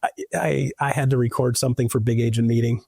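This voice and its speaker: A man's voice: mid-range voice, steady tone, fast, vocal fry, mellow, breathy edge, dry recording, studio quality. A man talking as a podcast guest in loose, rambling chat, full of restarts and "like".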